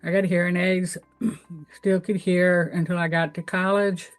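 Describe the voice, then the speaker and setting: A woman's voice: on the low side, level tone, unhurried, soft background music. Southern woman, earnest storyteller. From Tennessee. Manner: earnest, candid storytelling with fillers. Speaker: guest. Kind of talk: interview answers.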